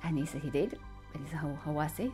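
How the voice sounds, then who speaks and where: A middle-aged woman with a low, mellow voice tells family stories in a chatty way, laughing as she goes. Soft music plays faintly underneath her. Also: fast. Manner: laughing, animated anecdotes. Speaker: interviewee, daughter of the subject. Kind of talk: casual storytelling.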